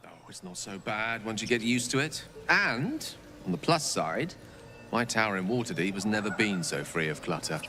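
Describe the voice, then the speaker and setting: A wry, eloquent wizard. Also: male voice, on the low side, lively intonation, normal speed, music in the background. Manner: courtly, articulate, wry.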